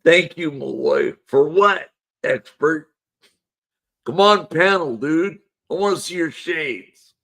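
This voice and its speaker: Slow, gravelly live-stream host, a man. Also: a little high, lively intonation, fairly bright tone. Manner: laid-back, chuckling, coaxing guests onto the panel. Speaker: livestream show host. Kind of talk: casual live-stream chat.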